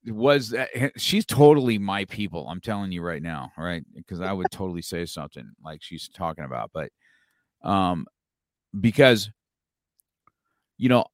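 A middle-aged podcast host rambles through a casual interview chat, full of fillers and restarts. His voice sits low and is very animated, at normal speed. The sound is clean studio quality with no echo.

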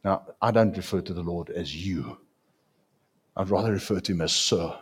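A man preaching a sermon as a pastor, with dramatic swings in pitch and loudness. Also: normal speed, breathy edge.

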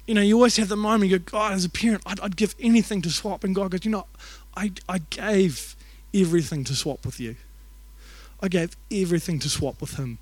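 High-voiced earnest male preacher. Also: fast, no echo. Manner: conversational, earnest, heavy use of "like". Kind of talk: emotional storytelling sermon. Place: church service.

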